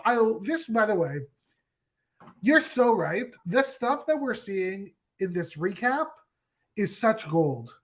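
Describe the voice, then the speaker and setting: A man co-hosting a casual podcast, recapping scenes in an animated way. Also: high voice, slow. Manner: animated, acts out quoted lines. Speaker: co-host.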